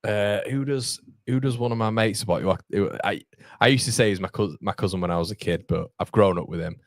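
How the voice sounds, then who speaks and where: A man's voice: lowish voice, fast, dry recording, studio quality. A young man hosting a live football watchalong, commenting on the match and reading viewer comments aloud with frequent laughs. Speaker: watchalong host.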